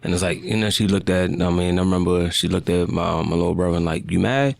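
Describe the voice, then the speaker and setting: Low gravelly man in casual chat. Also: fast, dry recording, studio quality. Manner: relaxed, with many fillers and restarts. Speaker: podcast co-host; teacher.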